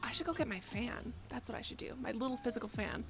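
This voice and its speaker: A woman's voice: fairly high pitch, expressive, fast talker, over music. A young woman streaming from her bedroom, rambling, joking and swearing a lot as she chats. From United States. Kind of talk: casual live-stream chat.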